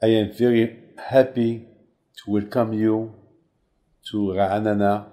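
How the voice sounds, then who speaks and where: Man, rabbi, sermon in English, slow, mellow, halting with repeats, animated emphasis. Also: on the low side.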